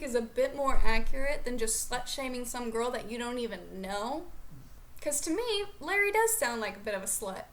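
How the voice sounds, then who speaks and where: A young woman vlogger telling a funny story in a chatty, animated way. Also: high-pitched. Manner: chatty, animated, lots of "like" fillers. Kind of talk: comedic storytelling vlog.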